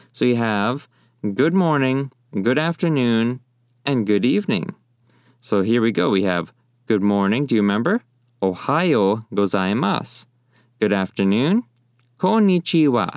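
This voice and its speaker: A young man teaching in a friendly, casual way, often repeating phrases slowly. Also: lowish voice, smooth, no echo, clean studio sound. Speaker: language teacher. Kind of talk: casual spoken lesson.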